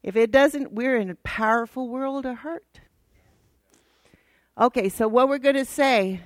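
A woman's voice: fairly high pitch, normal speed, no echo. A woman Bible teacher giving a casual, teasing and direct church lesson to a worship team.

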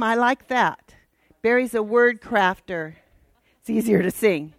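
A woman's voice: on the high side, a little slow, creaky, no room sound. A woman Bible teacher giving a casual, teasing and direct church lesson to a worship team.

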